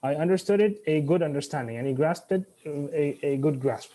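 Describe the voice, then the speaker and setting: A man with a slightly high, dark-toned voice speaks fairly quickly while teaching Arabic grammar in an online class. He switches between English and Arabic, restarts phrases, and quizzes his students.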